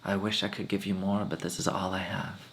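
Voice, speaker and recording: A poor, devoted old woman speaks in a hushed, timid way, as a man puts her on in a story. She sounds humble and meek. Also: low voice, little pitch movement, a little fast, slight background noise.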